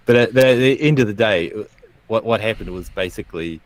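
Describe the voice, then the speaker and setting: Male co-host, low register, rambling and self-correcting, casual chat. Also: fairly quick. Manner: rambling, self-correcting, chuckles at own jokes. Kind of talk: casual chat, then reading a comic poem.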